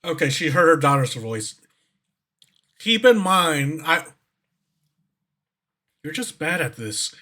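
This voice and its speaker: A man's voice: a little high, big pitch swings, slow pace, pauses often, sharp tone. A man streamer reacting to videos in a loose, rambling way, full of fillers, restarts and swearing. His voice sits a little above the usual male range. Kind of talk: casual reaction commentary.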